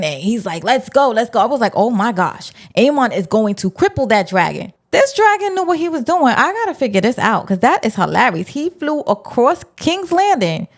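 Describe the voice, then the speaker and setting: Female recap vlogger, casual and slangy, lively up-and-down delivery. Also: fairly high pitch. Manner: animated, slangy, acts out her own reactions. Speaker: show recap host. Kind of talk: casual episode recap and reaction.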